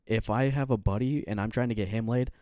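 A man hosts a podcast in loose casual chat, telling profane stories and laughing as he goes. His voice sits at a middling pitch. The recording is dry and close, with almost no room sound. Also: quick pace, warm tone, dry recording. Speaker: podcast host.

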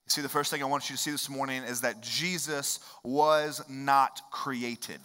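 A man, preaching a sermon in a conversational way that swings up into loud, emphatic rises. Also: medium pitch, fairly even intonation, normal speed. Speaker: pastor.

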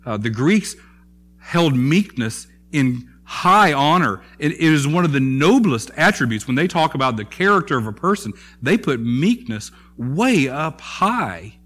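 Male pastor, sermon, conversational, halting, many fillers and restarts. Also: on the high side, big pitch swings, fairly bright tone.

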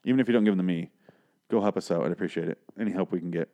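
Hosting a solo podcast in casual chat, a man with a low, mellow voice races along, rambling and swearing while recapping a story and acting out its characters.

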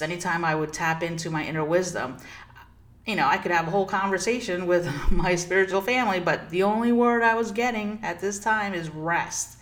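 Low-pitched female host, earnest and reflective, for a spiritual self-help monologue. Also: normal speed, fairly bright tone. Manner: earnest, reflective, laughs between phrases. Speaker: spiritual coach and podcast host. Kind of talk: personal storytelling monologue.

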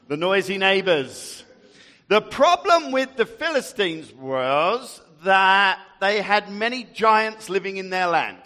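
A man's voice: high-pitched, pushed and bright. A man leading a group through a Bible story, casting volunteers and reading aloud in a jovial, chatty way. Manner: jovial, chatty, laughs often. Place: large hall with a group. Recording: echoey hall.

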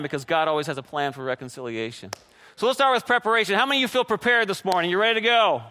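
High, bright-voiced preacher in a reverberant hall. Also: male voice. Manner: animated, engages the congregation with frequent "right?". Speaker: pastor. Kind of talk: sermon.

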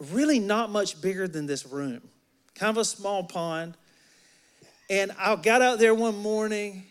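A clean, high voice belongs to a Southern-accented pastor from Alabama. Preaching in the church sanctuary, he keeps a folksy tone and trades jokes with the congregation.

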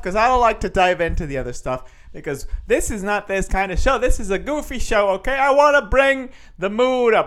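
A man's voice: high voice, a little fast, few pauses, clear, resonant tone. A young man hosting a goofy solo podcast, talking casually and pumping himself up with repeated phrases about doing better. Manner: animated and self-motivating, with repeated catchphrases. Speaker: podcast host and stand-up comedian.

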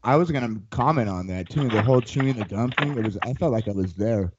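A man's voice: fairly low pitch, expressive, fast, muffled recording, very noisy. A man co-hosting a podcast in easygoing casual chat, laughing along.

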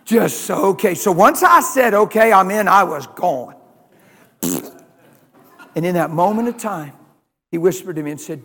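A man preaching a sermon, telling a personal story and swinging from hushed, soft lines to loud, emphatic ones. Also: on the high side, lively intonation, moderate pace, pauses often, in a large hall.

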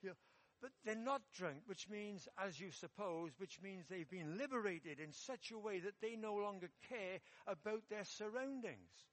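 Middle-aged english guy preaching in church, chatty storytelling, pitch a bit on the high side. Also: lively intonation, normal speed, fairly bright tone. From England. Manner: conversational storytelling with self-deprecating humour. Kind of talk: sermon with personal story.

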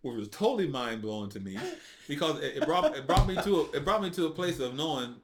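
A man telling his faith testimony as a podcast guest, in casual, informal speech, acting out quotes with big swings in his voice. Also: fast talker. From United States. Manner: animated storyteller, acts out quotes with big jumps in pitch; informal speech with dropped verbs. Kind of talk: casual storytelling conversation.

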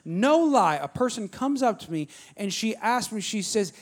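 A man's voice: high voice, big pitch swings, normal speed, hardly any pauses. A young man preaching a sermon in a church, telling stories with energy and urging the crowd to answer. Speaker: pastor. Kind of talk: sermon with call-and-response.

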